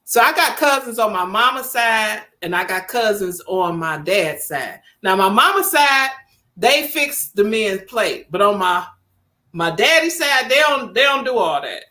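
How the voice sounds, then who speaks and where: Woman, 50s, vlogger storytelling, emphatic, repeats herself, mid-pitched. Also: lively intonation, measured pace, pushed and bright. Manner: chatty, emphatic, repeats points, acts out quoted family voices. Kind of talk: casual storytelling to camera.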